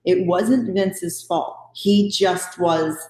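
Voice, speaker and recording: A woman's voice: fairly low pitch, drawn-out words, darkish tone. A woman hosting an interview who chats casually and asks long, rambling questions. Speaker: podcast host. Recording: roomy echo.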